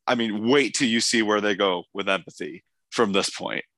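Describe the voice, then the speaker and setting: A man with a hoarse voice hosting a podcast, chatting enthusiastically about an episode with many restarts. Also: lowish voice, normal speed, sharp tone, no room sound. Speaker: podcast host. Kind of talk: casual episode discussion.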